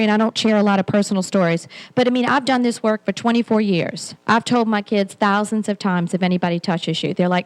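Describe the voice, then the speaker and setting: A woman's voice: medium pitch, fairly quick, few pauses, poor audio. A woman in her forties giving a candid, self-deprecating keynote talk at a conference, with many restarts. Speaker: keynote speaker. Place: conference hall.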